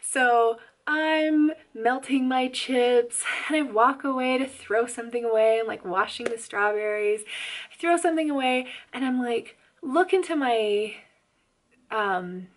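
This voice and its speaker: A young woman telling a story to her vlog camera in a chatty, animated way, laughing often and saying "like" a lot. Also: on the high side, measured pace. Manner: animated and loud. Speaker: pregnancy vlogger.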